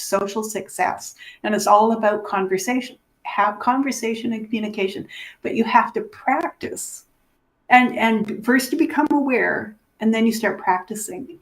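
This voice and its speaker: A woman who teaches about dementia care, telling client stories and acting out the people in them. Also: on the high side. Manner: animated, acts out the people in her stories.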